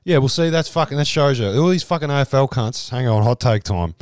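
Animated young Australian man, dry sound. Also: medium pitch, brisk, clear, resonant tone, dry recording. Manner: profane, animated hot takes. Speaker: podcast co-host. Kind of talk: casual chat.

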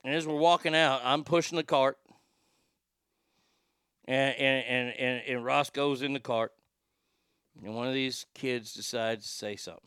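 A man's voice: medium pitch, fairly even intonation, a little slow, pauses often, fairly bright tone, clear, resonant tone, dry recording, studio quality. A middle-aged man hosting a show, telling a story in a casual, profane rant with a lot of stammered restarts. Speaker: show host. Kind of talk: casual ranting monologue.

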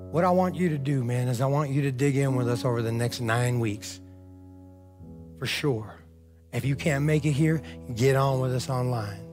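A man's voice: mid-range voice, moderate pace, music in the background. A man preaching a sermon as pastor, fervent and conversational, often saying "man" and "amen".

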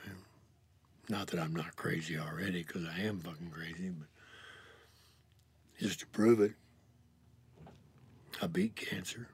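A man telling a blunt, profane personal story as a show's host, often sinking to a hushed near-whisper. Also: low voice, husky.

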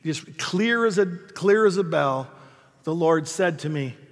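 A man's voice: a little high, expressive, unhurried. A man in his sixties, a pastor preaching a sermon in a conversational, self-deprecating storytelling way. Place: church hall. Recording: long reverb of a hall.

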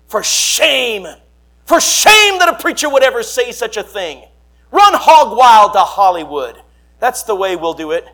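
A young man, preaching a fiery revival sermon and swinging between quiet asides and shouts. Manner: fiery, shouting, sweeping swings in pitch and volume. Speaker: traveling preacher.

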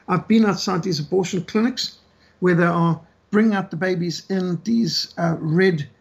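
High-pitched, gravelly preaching man. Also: darkish tone, dull audio. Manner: emphatic, moralizing, repetitive rhetoric. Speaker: pro-life activist guest. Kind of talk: impassioned preaching talk.

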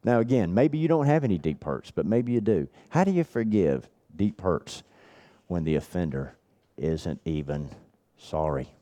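A middle-aged man preaching at a men's retreat, telling a personal story with earnest repetition, dropping his voice low and then building it back up. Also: sing-song, normal speed, dark tone. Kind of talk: sermon.

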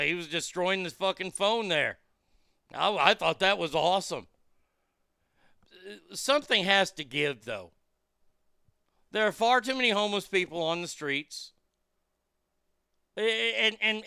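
A man's voice: high-pitched, bright, forceful tone, smooth, no echo, studio quality. A man in a car giving crude, angry commentary while reacting to a news clip. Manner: angry, crude, blunt, heated. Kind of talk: profane ranting commentary.

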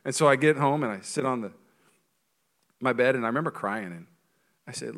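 A man in his thirties, a pastor preaching a sermon in a conversational, joking way that swings from quiet to loud. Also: mid-range voice, fairly quick, long pauses.

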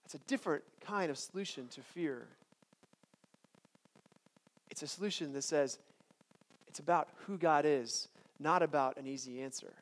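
A man with a high, light voice preaches to a chapel congregation. He talks in a loose, conversational way, often restarting words, then builds into strong, repeated declarations. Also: normal speed, long pauses. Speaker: chapel speaker. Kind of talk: sermon.

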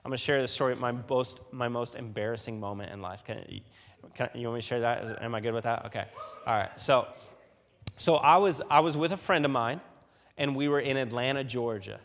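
A man preaches to a youth group, telling a story with many fillers and restarts. His voice sits at a middling pitch. A long hall reverb trails his words. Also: fairly quick. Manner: animated storytelling, many fillers and repeated starts. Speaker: youth pastor. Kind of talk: youth sermon with personal story.

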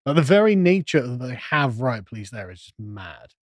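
A man's voice: medium pitch, sing-song, moderate pace, no echo, studio quality. A man co-hosting a political podcast, throwing in mocking interjections and rhetorical questions. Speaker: podcast co-host. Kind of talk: casual political podcast chat.

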